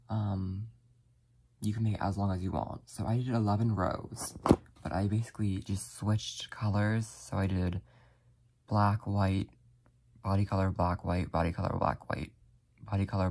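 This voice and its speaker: Soft, gravelly, low-voiced tutorial host. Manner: soft-spoken, apologetic, talks while working with frequent "like" fillers. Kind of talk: casual step-by-step tutorial narration.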